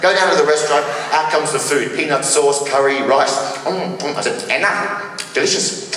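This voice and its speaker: A man doing a stand-up comedy routine at a live charity concert, telling deadpan stories and mimicking local speakers. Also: on the high side, normal speed. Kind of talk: stand-up routine with put-on accents. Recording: echoey hall, distant mic.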